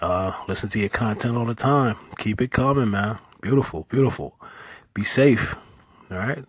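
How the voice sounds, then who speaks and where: A man's voice: lowish voice, normal speed, slightly rough, no echo. A man from a production company calling in with a laid-back greeting. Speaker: caller, producer.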